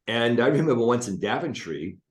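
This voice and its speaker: A man's voice: mid-range voice, very animated, a little fast, reverberant. A male hypnotist and coach, a guest talking on a video call from his office, explaining things emphatically with blunt asides. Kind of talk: casual spoken teaching.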